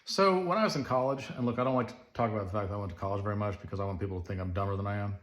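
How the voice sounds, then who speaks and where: Man, middle-aged, lowish voice, rambling comic storyteller, echoey room. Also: rapid-fire. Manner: rambling, animated, self-deprecating. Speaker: comedic storyteller. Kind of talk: casual comedic storytelling to camera.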